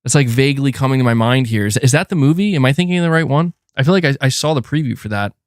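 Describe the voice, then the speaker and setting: A man hosting a casual gaming live stream, reading and answering super chats in a chatty, animated way with frequent fillers. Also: mid-range voice, rapid-fire, no room sound, studio quality. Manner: chatty and animated, thanks donors, frequent fillers and self-corrections. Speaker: gaming channel host.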